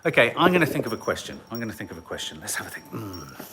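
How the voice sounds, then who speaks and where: A man's voice: on the low side, big pitch swings, rapid-fire, sharp tone, slight background noise. A man co-hosting a casual live family stream, playful and drawing out his questions to viewers. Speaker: co-host.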